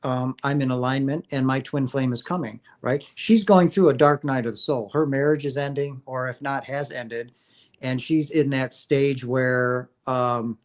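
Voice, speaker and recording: A man's voice: medium pitch, fairly even intonation, moderate pace. A middle-aged man talks on his own livestream in a middle-range voice. His speech rambles and restarts, with many fillers. He sounds earnest and affectionate toward his viewers. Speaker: livestream host. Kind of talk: casual spiritual talk on a livestream.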